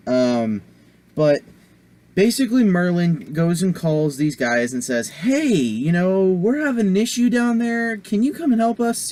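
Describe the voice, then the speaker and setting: Man, casual vlog movie review, rambling and halting, lots of fillers, mid pitch. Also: a little mellow. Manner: rambling, halting, many fillers and self-corrections.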